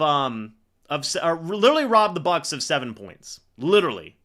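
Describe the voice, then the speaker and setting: Animated, bright-voiced man ranting live. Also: on the high side, moderate pace. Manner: angry, exasperated ranting at referees; reads plays aloud like commentary. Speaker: sports reaction streamer. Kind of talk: live play-by-play reaction stream.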